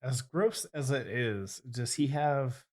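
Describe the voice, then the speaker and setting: A man's voice: mid-range voice, slow pace. A man playing a tabletop game, speaking hesitantly and thinking aloud. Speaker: player. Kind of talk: casual play chat.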